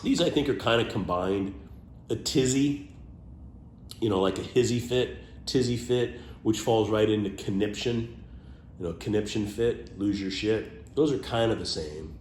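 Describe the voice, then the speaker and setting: A man casually chatting about his favorite words, playful, trailing off into low muttered asides. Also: measured pace, darkish tone, roomy sound, a little hiss or hum. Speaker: vlogger sharing favorite words. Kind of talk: casual off-the-cuff monologue.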